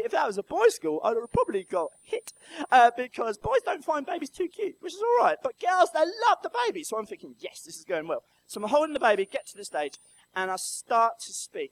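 Casting note: high-pitched church speaker, energetic and swooping, questions the crowd mid-story. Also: male voice, a little fast, low-quality recording. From Brighton, England. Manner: storytelling, asks the audience questions. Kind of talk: lively children's talk in church.

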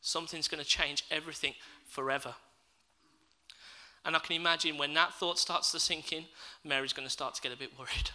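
A man's voice: a little high, fairly even intonation, fairly quick, pushed and bright, low-quality recording. A man preaching a sermon, reading scripture and then reflecting aloud and asking his listeners questions.

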